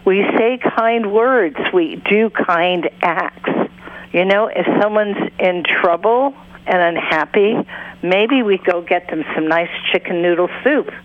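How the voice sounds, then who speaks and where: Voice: mid-range voice, no echo. Counselor on a tinny phone line. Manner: unhurried, earnest, acts out quotes in other voices. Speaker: counselor and author, interview guest. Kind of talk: interview over the phone.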